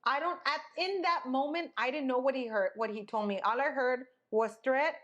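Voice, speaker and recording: A woman's voice: sits high, moderate pace, fairly bright tone, muffled recording. A young woman co-hosting a podcast, telling a story in casual chat. She tells it dramatically and acts out the people she quotes. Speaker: podcast co-host.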